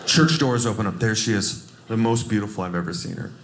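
A stand-up comedian from Cleveland, USA, tells a wry, self-deprecating story on a comedy stage, his voice lowish, brisk and a bit bright. The echoey room carries audience laughter and a little hiss or hum.

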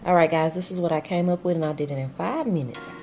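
A middle-aged woman vlogs her day, chatting casually to camera in a laid-back way that gets loud and excited at times. Her voice is deep and quick, with faint music in the background.

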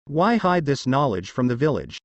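A man voicing a reserved, skeptical boy ninja with a flat manner. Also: medium pitch, normal speed, no room sound, dull audio, natural voice.

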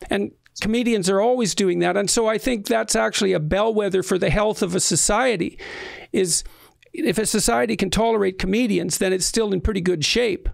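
A middle-aged man co-hosting a podcast, talking in a measured, probing way with frequent restarts. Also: high-pitched, creaky, no room sound, clean studio sound. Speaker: podcast co-host. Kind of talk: conversational interview.

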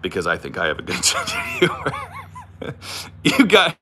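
A man's voice: deep voice, wildly swooping pitch, normal speed, pushed and bright, slight background noise. A man in his thirties with a Californian accent, hosting a casual, rambling livestream from home on a phone and reading viewer comments with self-mocking humor. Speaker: channel host. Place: home, moves about the property.

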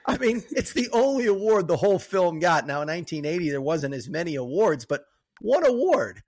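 A man with a somewhat high voice talks casually about a film as a podcast co-host. His delivery is loose and chatty, with quick bursts. The sound is dry and close, with no room echo. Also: sing-song, darkish tone. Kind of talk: casual movie chat.

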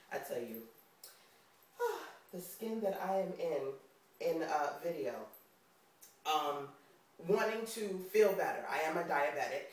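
A woman with a New York accent talking casually to camera in a motivational vlog, chatty and expressive and often laughing. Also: deep voice, recorded from a distance. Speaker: vlogger. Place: indoors on camera. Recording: very echoey room, off mic.

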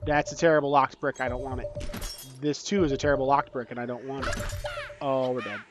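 A young man giving casual, excitable commentary while playing a game, breaking into panicky outbursts and joking about his own skill. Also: mid-range voice, a little fast, music in the background. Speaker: gaming YouTuber.

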